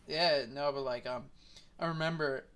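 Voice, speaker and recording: Bright-voiced young man telling a rambling story. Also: a little high, steady tone, moderate pace, clear, resonant tone. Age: young adult. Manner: rambling storyteller, laughs often, swears a lot. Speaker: podcast host. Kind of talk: casual chat.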